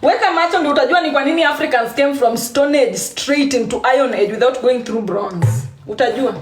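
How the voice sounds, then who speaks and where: Kenyan woman, high-pitched, casual live-stream monologue, laughs a lot, roomy echo. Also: fairly quick, slight background noise. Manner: code-switches, laughs often, repeats phrases.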